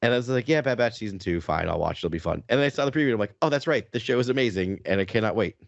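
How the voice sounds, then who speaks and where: A man co-hosting a fan podcast in casual chat, rambling and excitable, restarting his sentences often. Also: on the low side, racing, gravelly, no echo, dull audio. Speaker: podcast co-host.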